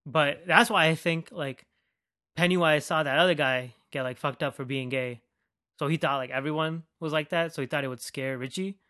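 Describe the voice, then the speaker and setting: A man's voice: fairly high pitch, normal speed, bright, forceful tone, no echo, clean studio sound. A man hosting a podcast in a casual, rambling rant, swearing freely and filling his speech with "like.". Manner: rambling, profane, heavy use of "like". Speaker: podcast host.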